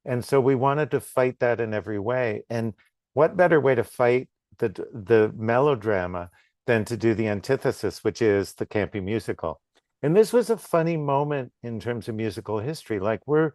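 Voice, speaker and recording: A man's voice: medium pitch, darkish tone, no echo, studio quality. A middle-aged man, a film director, talking in a casual interview and often restarting his sentences. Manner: halting, repeats words when starting.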